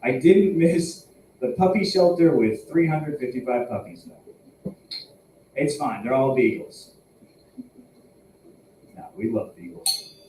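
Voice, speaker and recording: A man's voice: mid-range voice, a little slow, long pauses, mellow, recorded from a distance, a little hiss or hum. A young man doing stand-up at an open mic, self-mocking and laughing at his own jokes. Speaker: stand-up comedian. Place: small tobacconist shop. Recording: echoey room, heard from afar.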